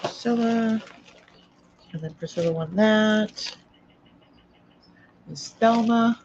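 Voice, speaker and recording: Her medium-pitched voice is slow and a little mellow, heard through a muffled recording with slight background noise. She's hosting a live jewelry sale in an old Boston accent, chatting casually and musing aloud as she looks over each piece.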